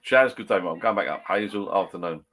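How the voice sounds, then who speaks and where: This man talks fast in a deep, fairly bright voice. He's hanging out at his garden shed bar, rambling through easy pub chat with live viewers and fixing his own words along the way.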